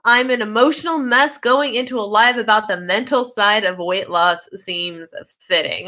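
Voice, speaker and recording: A woman's voice: mid-range voice, normal speed, few pauses, sharp tone. A woman hosting a casual livestream, chatty and easily sidetracked, with lots of fillers. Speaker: YouTube livestream host.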